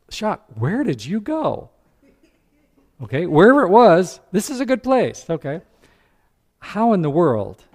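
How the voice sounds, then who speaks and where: A man preaching a sermon as pastor, animated, breaking into character voices. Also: a little high.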